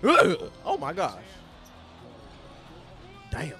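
A young man streaming live, reacting to basketball highlights with loud outbursts and slang, talking at the players on screen. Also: wildly swooping pitch, extremely slow. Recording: faint music behind the voice.

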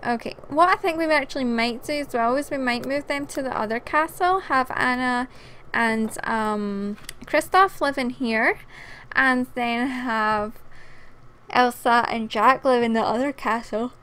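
A woman's voice: fairly high pitch, a little slow, fairly bright tone, slight background noise. A woman hosting a casual let's play, chatting and giggling as she talks to the game characters, sounding tired. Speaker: gaming channel host.

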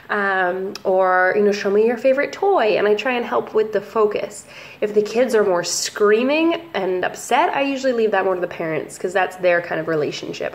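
A young woman, a family photographer chatting casually in a relaxed vlog, with plenty of ums and likes. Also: medium pitch. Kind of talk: casual talking-head vlog.

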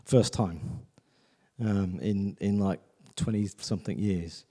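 A man's voice: fairly low pitch, slow, mellow, long reverb tail. A man preaching a sermon in a church, in a chatty, conversational way, often asking "do you know what I mean". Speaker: visiting preacher.

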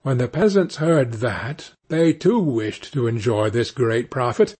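Male audiobook narrator for fairy tales: slow, measured, slightly husky. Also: mid-range voice, lively intonation, a little mellow. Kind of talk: scripted fairy-tale narration.

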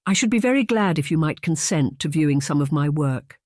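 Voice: medium pitch, normal speed, no echo, clean studio sound, close to an everyday voice. A narrator doing a shy, hesitant young lady. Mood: timid.

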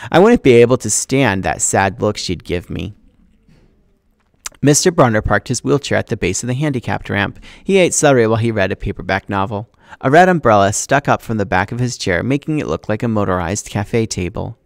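Male teacher reading aloud, expressive, lowish voice, dry close sound. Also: a little fast, vocal fry, no room sound. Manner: expressive, acting out the dialogue.

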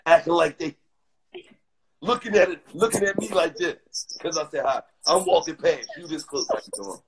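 A middle-aged man telling crude stories casually on a live stream, animated and profane, acting out both sides of his arguments. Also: a little high, moderate pace, noisy background.

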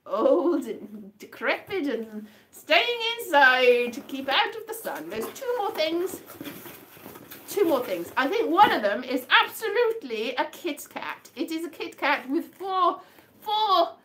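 A woman's voice: high-pitched, big pitch swings, slow, bright, forceful tone, a little hiss or hum. A woman from the UK chatting casually in a vlog, rambling and amused with herself as she guesses mystery items by touch. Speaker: vlogger.

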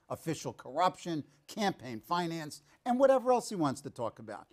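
Animateur télé enjoué, voix un peu aiguë. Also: male voice, high-pitched, darkish tone. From New York. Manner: enthusiastic, joking, stumbling over names. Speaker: TV talk show host. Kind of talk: public affairs interview.

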